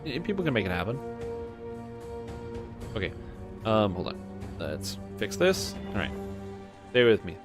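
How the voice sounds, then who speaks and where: A man's voice: mid-range voice, very animated, slow pace, pauses often. A man in his twenties streaming a game, rambling casually, swearing and chatting to his viewers. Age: 20s. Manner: rambling, swearing, talks to himself and chat. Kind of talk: casual gaming commentary. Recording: music playing behind.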